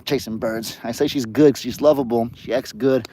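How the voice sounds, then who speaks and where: A man's voice: medium pitch, fairly even intonation, moderate pace, dark tone, a little hiss or hum. A man in a casual farm vlog, talking in a folksy, rambling way into a phone camera outdoors. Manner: folksy, rambling, coos baby talk at cats. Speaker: farm vlogger.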